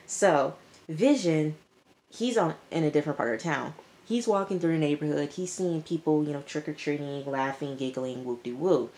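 A woman giving a chatty, animated recap of a TV episode to her viewers, talking to them directly. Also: low voice, moderate pace. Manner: chatty, animated storytelling, addresses viewers as y'all. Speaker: TV episode reviewer. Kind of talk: casual recap vlog.

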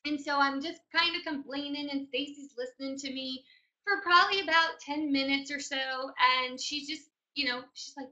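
Brief: woman in her 40s, mentor, high and bright, storytelling training talk, dull lo-fi recording. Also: steady tone, normal speed. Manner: chatty storyteller, addresses audience directly. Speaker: business mentor.

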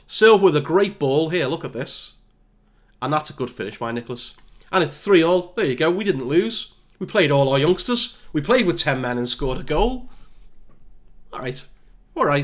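A man's voice: on the high side, a bit bright. A man giving casual, self-mocking play-by-play commentary over a football management game. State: out of breath. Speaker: gaming YouTuber.

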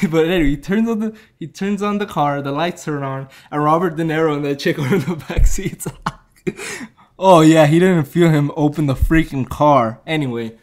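A man's voice: on the high side, expressive, moderate pace, a little mellow. Rambling, laughing man reviewing a movie. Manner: rambling plot retelling with laughs and self-corrections.

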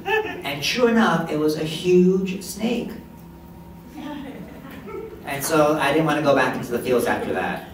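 A man's voice: a little high, very animated, unhurried, pauses often. A man voicing a deaf presenter's signed story in first person as a live interpreter, with short restarts. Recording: echoey hall, distant mic, background noise.

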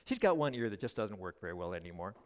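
A middle-aged male pastor preaching a sermon at a church service, joking with the congregation as an animated storyteller. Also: lowish voice, fast talker. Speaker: guest pastor.

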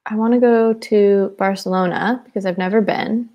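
A woman's voice: medium pitch, fairly even intonation, moderate pace, mellow. A woman in her twenties from Seattle co-hosting a casual live webinar, chatty and giggly, trailing off with fillers. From Seattle, USA. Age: 20s. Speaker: webinar co-host.

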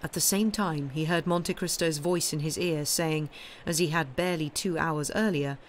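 A woman reading a classic novel aloud on a live stream, with expressive, steady narration. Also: low-pitched, moderate pace, hardly any pauses, slight background noise. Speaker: audiobook reader.

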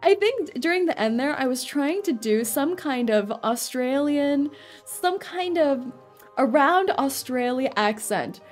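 Giggly woman streamer chatting while she plays, high voice, slow and unhurried, jokey and rambly. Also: animated, faint music behind. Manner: giggly, laughs often between thoughts. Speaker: game streamer. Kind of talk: casual live-stream chat.

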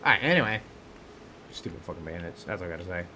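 Low-pitched and expressive, the man has a sharp tone, and a little hiss or hum runs under the recording. While playing a video game as a streamer, he banters and jokes easily but is quick to rage, swearing at foes.

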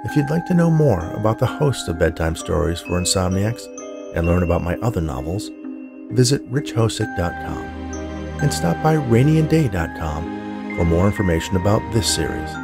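A man, host and author, narrating an audiobook in a measured, steady way. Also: low voice, creaky, music in the background.

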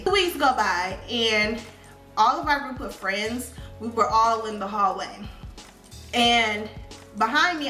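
A young woman tells a school story in a casual, animated storytime way, dropping into slangy phrasing. Her voice sits a little high and sounds bright. The recording is roomy and echoey, with faint music underneath. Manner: animated retelling with slangy talk. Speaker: vlogger.

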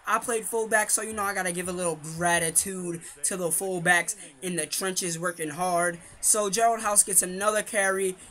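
A young man with a high, light voice talks loosely over a football video game. He rambles and jokes between plays and chews gum as he goes. It sounds like a relaxed recording made at home. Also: slight background noise. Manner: chatty, rambling, hypes his team and slams his kicker; chewing gum while talking. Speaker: gaming commentator. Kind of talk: casual gameplay commentary.

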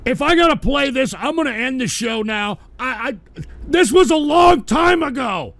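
A man hosting a radio show, ranting angrily with profanity and stammering restarts, often breaking into shouts. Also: very high-pitched, lively intonation, moderate pace, no echo. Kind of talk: angry on-air rant.

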